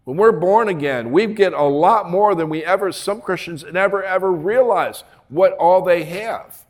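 A man's voice: high-pitched, normal speed. A man preaching a sermon in a folksy, emphatic way, with joking asides and repeated phrases.

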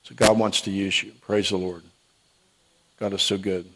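A man's voice: fairly low pitch, little pitch movement, moderate pace, creaky, a bit bright, breathy edge. A man preaching and telling testimony stories, then giving a prophetic word, with frequent restarts and repeated "okay?".

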